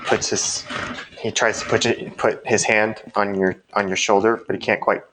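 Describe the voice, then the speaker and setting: A man's voice: fairly low pitch, level tone, moderate pace, a bit bright, a little hiss or hum. A man narrating as game master, loose and full of fillers.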